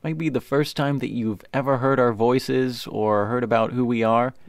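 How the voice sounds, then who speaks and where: A man co-hosting a podcast, speaking in a measured, explanatory way in casual chat. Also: mid-range voice, fairly even intonation, no room sound, clean studio sound. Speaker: podcast co-host.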